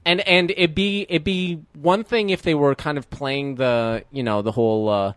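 A man's voice: on the high side, steady tone, moderate pace, smooth, dry recording. A man in a casual movie commentary chat, thoughtful and analytical, hedging as he reasons. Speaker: podcast co-host.

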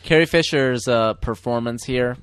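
A man casually chatting during a film commentary, halting and laid-back. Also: mid-range voice, clean tone.

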